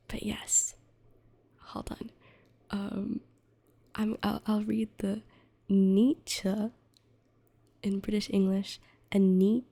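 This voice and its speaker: Giggly whispering woman, husky and low-toned. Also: mellow. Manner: giggly, rambling, self-deprecating. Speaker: streamer. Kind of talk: whispered ASMR chat.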